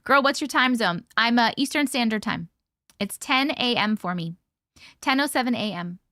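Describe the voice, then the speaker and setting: A woman's voice: fairly high pitch, lively intonation, moderate pace, sharp tone, dry recording. A young woman hosting a casual livestream, greeting viewers by name and chatting, short on sleep. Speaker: livestream host. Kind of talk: casual live-stream chat.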